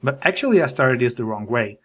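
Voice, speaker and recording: A man's voice: medium pitch, a little fast, breathy edge, dull audio. A man from Portugal, a podcast host, performing a scripted comedic monologue with jokey storytelling. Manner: animated, jokey storytelling with mock voices.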